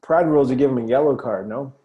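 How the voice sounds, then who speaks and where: A man co-hosting a casual podcast chat, relaxed, laughing often and swearing casually. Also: medium pitch, fast, phone-quality sound. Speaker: podcast co-host.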